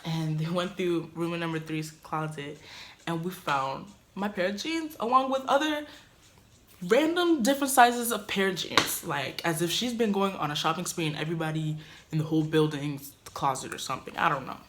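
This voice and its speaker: A young woman vlogger telling a casual story in a dorm room, animated, swinging from loud outbursts to muttered asides. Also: on the low side, normal speed.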